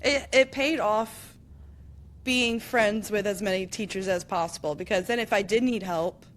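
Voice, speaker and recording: A woman in her thirties hosting a podcast, chatting casually and telling animated stories with acted-out quotes and frequent laughter. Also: medium pitch, normal speed. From upstate New York. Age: 30s. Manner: animated storyteller, acts out quotes, laughs often. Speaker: podcast host. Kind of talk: casual chat.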